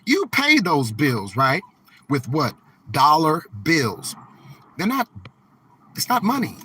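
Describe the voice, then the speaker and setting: A man hosting a live stream from a vehicle, talking to his chat in a slow, emphatic, preachy way and dragging out key words. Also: a little high, wildly swooping pitch, sharp tone, husky, no room sound. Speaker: livestream host.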